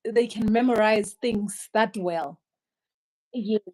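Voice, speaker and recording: A woman's voice: mid-range voice, slow, a little mellow, rough recording. A woman hosting a casual chat, speaking earnestly and giving advice with light laughs. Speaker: host.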